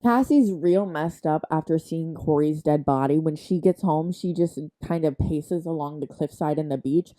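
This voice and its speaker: A woman's voice: low voice, normal speed, hardly any pauses, mellow. A young woman recapping a TV show in a chatty, sarcastic way, full of slang and asides. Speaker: recap commentator. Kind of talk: comedic TV recap narration.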